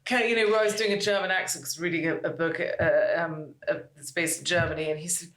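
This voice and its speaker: A woman's voice: lowish voice, fairly even intonation, quick pace, a bit bright. Chatty woman host in an echoey room. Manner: chatty, rambling with fillers. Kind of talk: casual podcast chat.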